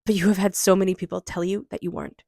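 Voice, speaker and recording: A woman's voice: medium pitch, little pitch movement, racing, vocal fry, darkish tone, no echo, clean studio sound. Emotional, earnest woman reading tarot. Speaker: tarot reader.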